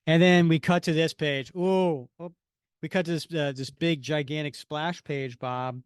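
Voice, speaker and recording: A man's voice: a little high, measured pace, clear, resonant tone, dry recording. Chatty man with a dry, close sound. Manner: animated, rambling recap with fillers. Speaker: podcast co-host. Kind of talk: casual comic-book chat.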